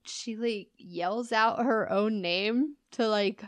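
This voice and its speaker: Slow-talking laughing woman podcast host. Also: mid-range voice, dry recording. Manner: laughing often, animated quoting of people; swears casually. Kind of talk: casual storytelling chat.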